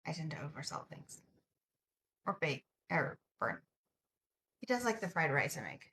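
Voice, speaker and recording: A woman's voice: sits low, big pitch swings, moderate pace, fairly bright tone, husky. A woman hosting a casual late-night live stream, chatting with viewers and answering their comments, laughing often. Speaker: livestream host.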